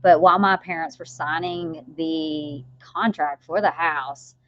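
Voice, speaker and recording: A woman guest on a podcast, telling her story in an animated way, full of laughter and quoted voices. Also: deep voice, a little slow. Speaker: guest, author. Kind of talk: podcast interview. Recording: dull, slightly lo-fi dry sound.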